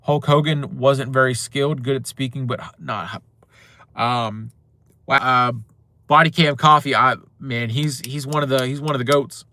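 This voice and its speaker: Bright-voiced man chatting live. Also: mid-range voice, steady tone, measured pace. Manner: rambling, many fillers and restarts. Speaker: show host. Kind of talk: casual livestream chat reading comments.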